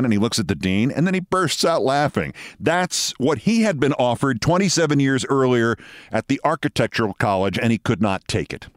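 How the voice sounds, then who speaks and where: Male host, personal anecdote, wry and vivid, mid pitch, dry close mic. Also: no echo. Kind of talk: personal storytelling monologue. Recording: dry close studio sound.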